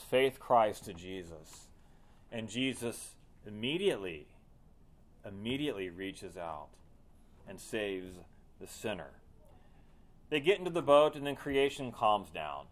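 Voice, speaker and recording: A male pastor delivering a sermon at a middle pitch. He swells into loud, emphatic phrases, then falls back to hushed, gentle lines. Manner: preaching with swelling emphasis and quiet drops.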